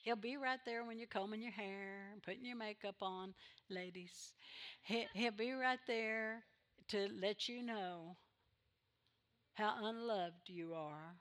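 A woman pastor preaching a sermon in church, with emphatic calls and quick asides to the congregation. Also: mid-range voice, a bit bright. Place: church sanctuary.

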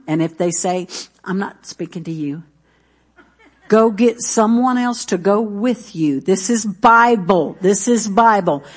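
A middle-aged woman preaches to her congregation at an unhurried pace. She talks in a loose, conversational way, with frequent asides and restarts. Her voice sits at an ordinary middle pitch for a woman. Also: darkish tone. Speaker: pastor. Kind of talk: sermon.

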